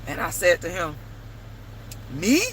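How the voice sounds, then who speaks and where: A woman telling a story to camera in a casual vlog, animated and emphatic, swearing freely. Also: on the low side, slow pace, noisy background. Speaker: vlogger and playwright.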